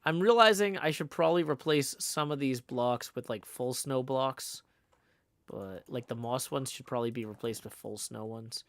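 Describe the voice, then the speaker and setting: A man's voice: mid-range voice, normal speed, a bit bright, no room sound. A man streaming live, chatting casually and thinking aloud as he plays, often correcting himself mid-sentence. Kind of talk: casual livestream chat while playing a game.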